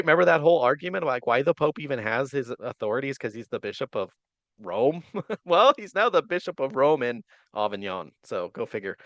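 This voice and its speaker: A man's voice: medium pitch, a bit bright, no room sound. A man teaching church history in a casual, conversational way, wry and joking, often acting out quoted figures. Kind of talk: casual explanatory lecture.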